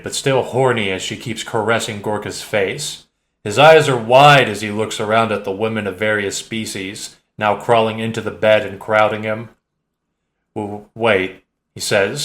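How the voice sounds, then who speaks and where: A man reading an audiobook in a steady, measured narration. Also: lowish voice, reverberant. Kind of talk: scripted narration.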